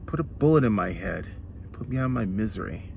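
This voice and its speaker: A man voicing an armed male squirrel mugger who speaks in a gruff, clipped way. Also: fairly low pitch, lively intonation, quick pace, a little mellow, a little hiss or hum. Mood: pleading.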